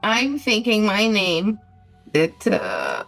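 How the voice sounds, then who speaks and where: A woman's voice: medium pitch, huge pitch swings, a bit bright, faint music behind. A woman player in casual game chat, speaking hesitantly and drawing out her words. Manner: hesitant, drawn-out speech.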